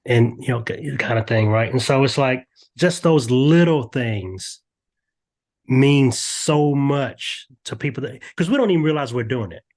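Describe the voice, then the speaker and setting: An older man, a podcast guest, talking earnestly in a lively storytelling way with frequent restarts. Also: medium pitch, measured pace. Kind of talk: candid podcast interview.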